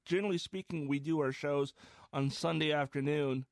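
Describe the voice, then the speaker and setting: A man's voice: fairly high pitch, moderate pace, dry recording, studio quality. A man hosting a podcast in casual chat, laughing easily and swearing offhandedly. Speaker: podcast host.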